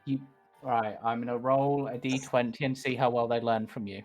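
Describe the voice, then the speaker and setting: A man's voice: mid-range voice, fairly even intonation, normal speed, faint music behind. A man, the game master, running an online tabletop game in a casual, laughing way.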